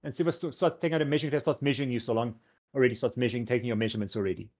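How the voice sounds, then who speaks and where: A man's voice: medium pitch, steady tone, racing, a little mellow, highs cut off. A man narrating as game master in a tabletop game, describing scenes loosely with plenty of fillers.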